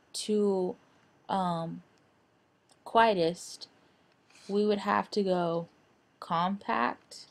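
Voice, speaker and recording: A young woman walks through a screen-recorded design lesson at an unhurried pace. She talks in a halting way, with frequent fillers and restarts. Her voice sits at a middle pitch. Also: creaky, a little mellow. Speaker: instructor.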